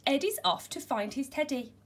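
A nursery teacher, a woman, reading a picture book aloud to young children in a gentle, expressive storytelling voice. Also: high-pitched, moderate pace, a little hiss or hum.

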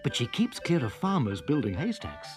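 Hugely expressive children's storyteller. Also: normal speed, music in the background. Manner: very expressive, dramatic swings in pitch. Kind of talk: scripted children's story narration.

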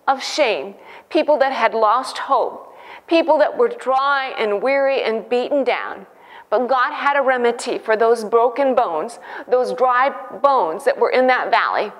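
A woman's voice: fairly high pitch, long reverb tail. A woman giving an earnest devotional teaching, telling a church story with fervor. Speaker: devotional speaker.

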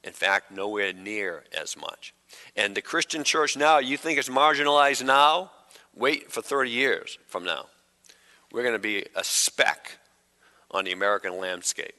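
A middle-aged pastor preaching a sermon, conversational, with quick humorous asides. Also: male voice, on the low side, pushed and bright. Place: church sanctuary. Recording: long hall reverb.

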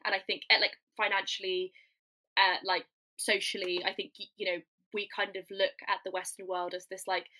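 Bright-voiced young woman, chatty. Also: medium pitch, rough recording. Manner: animated, filler-heavy, many restarts. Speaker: guest comedian. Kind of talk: casual podcast chat.

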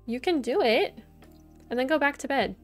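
Streamer: young woman, higher voice, chatty and giggly, casual gameplay chat, soft music behind. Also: expressive, normal speed. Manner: chatty, giggly, talks to chat and her game characters. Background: soft game music.

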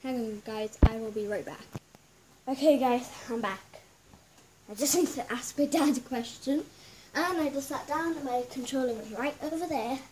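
A woman's voice: sits high, normal speed, noisy background. A woman hosting a casual gaming video, giggling and chatting straight to her viewers as she plays. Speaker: gameplay video host.

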